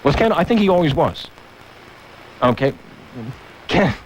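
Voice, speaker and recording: A man hosting a talk radio show from a studio microphone, ranting with shouted mock outbursts. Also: fairly high pitch, animated, unhurried, a little hiss or hum, rough recording.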